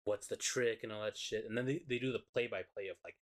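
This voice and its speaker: A man with a lowish voice co-hosts a podcast, chatting casually. He retells a show with excitement and plenty of swearing. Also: fast talker. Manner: excited, profane, animated retelling. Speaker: podcast co-host. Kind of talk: casual chat.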